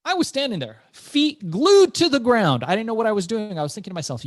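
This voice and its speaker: Animated middle-aged man telling a story. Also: sits high, fast talker, hardly any pauses, no echo. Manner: animated storyteller, repeats words when excited. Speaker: entrepreneur guest. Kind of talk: storytelling interview.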